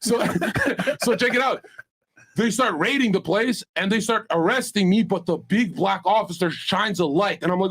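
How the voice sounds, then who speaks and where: A man on a podcast panel telling crude, boastful stories, loud and profane, dropping into mock voices for other people. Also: high voice, moderate pace, slightly rough.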